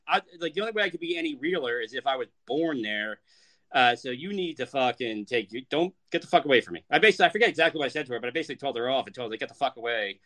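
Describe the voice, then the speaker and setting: A man's voice: a little high, a bit bright. A man with a slightly raised voice rants about what offends people. He swears a lot, trips over his own sentences and circles back before landing his point. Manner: profane, heated, rambling with many restarts. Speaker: podcast co-host. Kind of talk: casual ranting chat.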